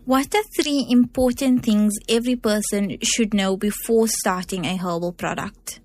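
A woman conducts an interview, reading out clear, prepared questions at an even, mid pitch. Her delivery is orderly and scripted, leading the guest from topic to topic. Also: moderate pace. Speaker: interviewer host.

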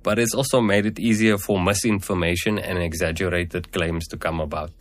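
A man answering interview questions as a herbal medicine practitioner, measured and explanatory, often starting with "um" or "so". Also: low voice, steady tone, no echo. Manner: measured, explanatory, many "at the end of the day".

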